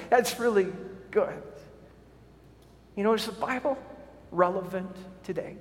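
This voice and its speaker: Man, middle-aged, pastor, sermon, fairly high voice, earnest, repeats words, long hall echo. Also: moderate pace. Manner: earnest, repeats words when starting sentences.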